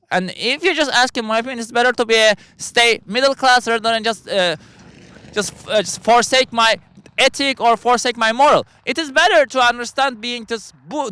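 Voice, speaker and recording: A high, bright-voiced man talks through a philosophical monologue in halting, second-language English. He keeps starting over and reaching for words, and his tone stays smooth and clear. The sound is close and dry, with no room around it. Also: dry recording. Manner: halting, rambling, frequent restarts. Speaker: podcast host.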